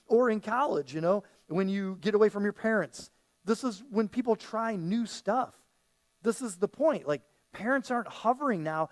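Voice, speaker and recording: A male pastor delivering a sermon in a church, his voice pitched high and swinging widely up and down. He talks in a loose, conversational way, repeating words as he builds a point and slipping into quoted voices. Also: normal speed. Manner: conversational, animated preaching with repetitions and quoted voices. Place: church sanctuary.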